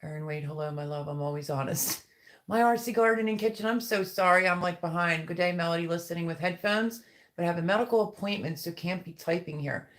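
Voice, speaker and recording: A livestream host with a voice on the low side talks a little fast, and there's slight hiss or hum in the audio. She keeps it casual, naming viewers as she greets them and chatting over their comments.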